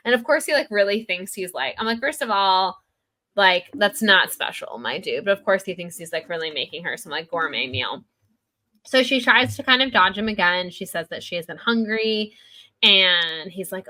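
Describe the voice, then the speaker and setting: A podcast co-host with a medium-pitched, sing-song voice talks at a normal speed, her tone pushed and bright. She chats casually about a book, saying "like" constantly as she retells scenes and quotes lines from them.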